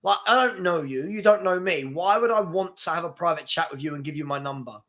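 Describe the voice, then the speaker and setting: A man's voice: a little high, brisk, a bit bright. A man hosting a live fan chat show, chatty and brash as he reads comments and takes on trolls. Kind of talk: casual live-stream chat reading comments.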